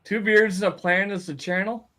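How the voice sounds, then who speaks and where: A man joins a casual livestream chat, throwing in dry remarks and mock scolding. His voice sits fairly high for a man. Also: steady tone, normal speed, bright, forceful tone. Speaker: guest co-host.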